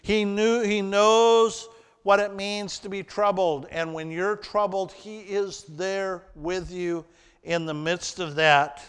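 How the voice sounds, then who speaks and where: A man preaching a sermon as pastor, shifting between loud emphasis and hushed, earnest passages. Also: sits high, level tone, slow pace, clear, resonant tone. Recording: long reverb of a large hall.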